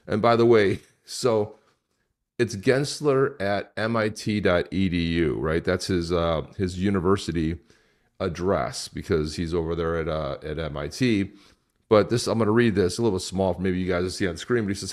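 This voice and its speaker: Low-voiced excitable man hosting live. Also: moderate pace. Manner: excitable, chatty, reads viewer comments aloud. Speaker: crypto show host. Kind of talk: live-stream commentary.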